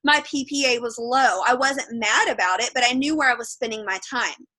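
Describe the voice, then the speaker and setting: A woman's voice: fairly high pitch, moderate pace, pushed and bright. A woman leading her sales team on a video call, giving a blunt, emphatic motivational talk.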